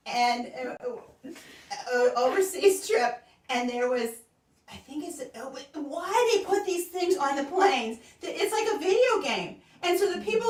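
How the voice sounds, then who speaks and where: A woman's voice: sits high, lively intonation, a little slow, a little hiss or hum. A middle-aged woman co-hosting a casual stream chat, laughing often and trailing off mid-thought. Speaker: co-host. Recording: roomy echo, distant from the mic.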